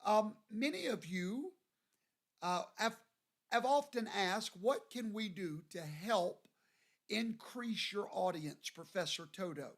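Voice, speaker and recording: A man from Louisiana, hosting a livestream and greeting viewers by name in a folksy, drawn-out way. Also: high-pitched. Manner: folksy, drawn-out, reads viewer names aloud. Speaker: show host.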